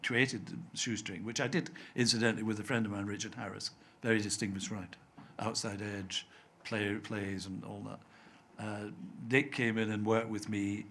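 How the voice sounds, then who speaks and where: An older man from Scotland with a softened Scottish accent, a TV writer telling anecdotes as an interview guest and acting out the voices of people he quotes. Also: fairly low pitch, steady tone, normal speed, hardly any pauses, slight background noise. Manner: chatty storyteller, acts out quoted voices, laughs often.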